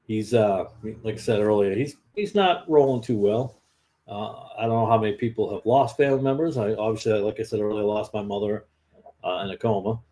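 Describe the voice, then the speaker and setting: A man's voice: lowish voice, a little fast, dark tone. Earnest fifty-something man with a Northern US accent. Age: 50s. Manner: earnest and conversational. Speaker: lay preacher. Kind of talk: informal sermon.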